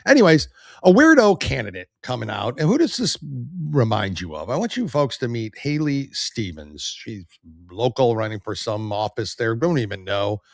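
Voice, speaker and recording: Gravelly guy hosting a podcast, blunt opinions, voice swings up and down a lot. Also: medium pitch, very animated, normal speed, no echo, clean studio sound. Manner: blunt, opinionated, reads viewer comments aloud. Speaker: podcast host. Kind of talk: casual political commentary.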